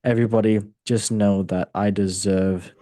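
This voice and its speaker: Mellow-voiced football podcast host. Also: male voice, on the low side, normal speed, dry recording, clean studio sound. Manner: relaxed, joking, reads results in a steady run. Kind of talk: casual football chat.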